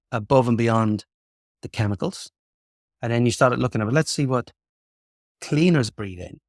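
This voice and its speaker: An Irish man in his fifties talks as a guest, telling stories in a loose, chatty way full of ums and restarts. His voice sits at a middling pitch. The sound is close and dry, with no room echo. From Ireland. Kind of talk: casual interview chat.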